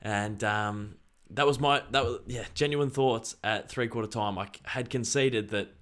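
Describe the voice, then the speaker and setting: Excitable young Australian man streaming. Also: fairly low pitch, normal speed. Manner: excitable, rambling. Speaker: live streamer. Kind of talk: casual live stream chat.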